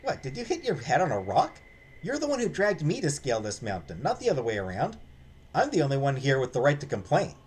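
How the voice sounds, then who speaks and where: Game voice: a man doing a bossy explorer woman with a sharp tongue, lively, a bit husky. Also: a little high, fast talker, heavily acted. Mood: sarcastic. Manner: sarcastic, cutting. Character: sarcastic, bossy young female explorer.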